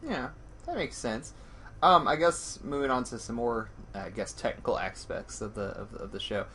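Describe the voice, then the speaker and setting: A man hosting a casual podcast chat, rambling with many restarts and getting excitable. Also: mid-range voice, moderate pace, slight background noise. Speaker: podcast host.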